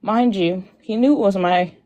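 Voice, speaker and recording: A woman's voice: medium pitch, moderate pace, warm tone, lo-fi sound. A young woman calling into a live Q&A over a video call, telling her story while crying, rambling with many fillers. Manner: tearful, rambling, frequent "like" fillers. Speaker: caller on a live Q&A. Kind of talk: emotional personal account.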